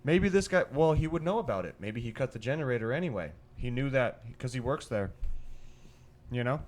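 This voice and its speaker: A man's voice: medium pitch, lively intonation, fairly quick, slight background noise. A man co-hosting a podcast in a studio, brainstorming in a rambling, profane way, full of restarts and swearing. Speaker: podcast co-host. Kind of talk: casual brainstorming chat.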